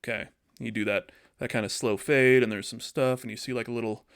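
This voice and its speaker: Man animatedly pitching a story. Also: a little fast, vocal fry, clean tone. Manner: animated, acting out characters. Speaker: podcast host.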